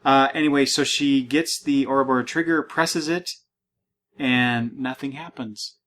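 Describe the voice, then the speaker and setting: A man's voice: mid-range voice, steady tone, unhurried, fairly bright tone. A man in a mid-range voice hosts a comic book podcast. He meanders, restarts his sentences and reads the panels aloud. It sounds like casual, unscripted chat. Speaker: podcast host.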